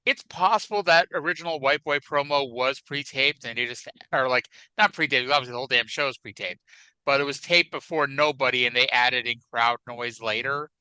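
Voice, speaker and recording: A man's voice: mid-range voice, fairly quick, bright, forceful tone, clear, resonant tone, no echo, rough recording. A man co-hosting a wrestling podcast in casual chat, wry and chatty with hedging asides, on a close mic. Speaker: podcast co-host.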